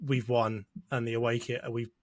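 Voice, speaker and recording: A man's voice: medium pitch, level tone, moderate pace. A young man co-hosting a casual football podcast, teasing and mock-insulting his friend. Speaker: podcast co-host, Arsenal fan. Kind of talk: casual banter about football.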